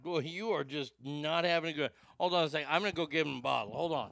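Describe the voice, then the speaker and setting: A man's voice: on the high side, fast, gravelly, few pauses, fairly bright tone, a little hiss or hum. A Southern man hosting casual commentary in a profane, rambling way, stammering often, close to the mic. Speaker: host.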